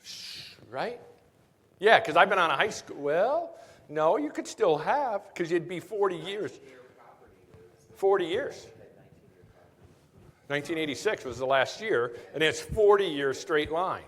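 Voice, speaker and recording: Lively-pitched man lecturing in a reverberant hall. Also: measured pace, long pauses. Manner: jokey, storytelling, keeps asking "right?". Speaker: tax seminar presenter. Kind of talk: live conference lecture. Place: conference hall.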